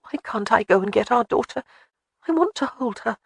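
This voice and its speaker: A narrator voicing a spirited young Highland bride in an audiobook, pleading and tearful. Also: female voice, lively intonation, normal speed, creaky, slightly rough, dry recording, studio quality, exaggerated voice. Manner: pleading, tearful, high-pitched. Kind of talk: audiobook character voice.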